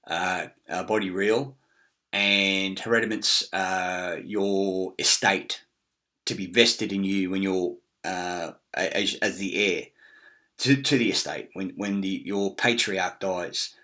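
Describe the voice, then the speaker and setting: A man's voice: on the low side, a bit bright. A middle-aged man, rambling in a casual monologue with many fillers, restarts and frequent swearing. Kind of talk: casual screen-share monologue.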